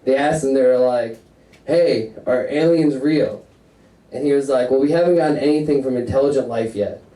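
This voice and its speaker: A man's voice: medium pitch, quick pace, dark tone. A man doing a crude, rambling stand-up set on stage before a live audience, laughing at his own jokes. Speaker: stand-up comedian. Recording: roomy sound, mic at a distance.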